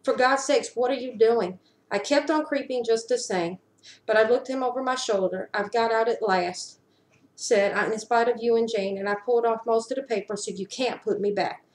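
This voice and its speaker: A woman giving an intense dramatic reading of a story, slowing down for emphasis, recorded on a webcam at home. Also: fairly high pitch. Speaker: reader. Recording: roomy echo.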